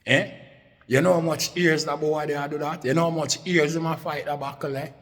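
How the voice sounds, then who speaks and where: A man's voice: fairly high pitch, steady tone, moderate pace, fairly bright tone, in a large hall. A man with a Jamaican accent delivers a confrontational, profanity-heavy rant in patois, aimed at a rival. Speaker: online commentator.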